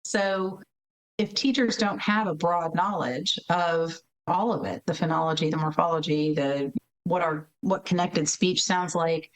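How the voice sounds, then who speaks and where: Woman guest, animated explainer, slightly low voice, acts out kids. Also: measured pace, rough recording. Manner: frequent tag questions, laughs while explaining. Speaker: interview guest, learning center director. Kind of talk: casual interview talk.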